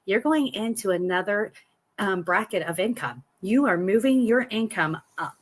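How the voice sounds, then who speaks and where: A woman's voice: mid-range voice, expressive, normal speed. A woman hosting a live tarot reading from home, talking in a chatty, encouraging and reassuring way. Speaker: tarot reader.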